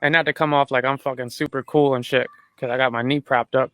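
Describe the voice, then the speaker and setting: A man's voice: medium pitch, steady tone, fast talker, a bit bright, no room sound. A man talking in a casual podcast chat, blunt and profane, telling stories animatedly.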